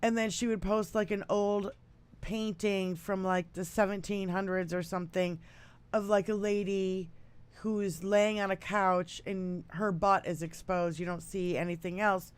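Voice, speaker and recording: Loud-laughing, cursing American woman co-host. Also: mid-range voice, measured pace, smooth. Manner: profane, laughs loudly, animated. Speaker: podcast co-host. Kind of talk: casual political chat.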